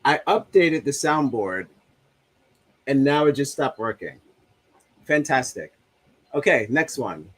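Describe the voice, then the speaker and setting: A man's voice: mid-range voice, very animated, slow, long pauses, fairly bright tone, husky. Man casually hosting a livestream. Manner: loose, joking, talks to himself about a broken soundboard. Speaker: livestream host. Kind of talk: casual livestream chat reading comments.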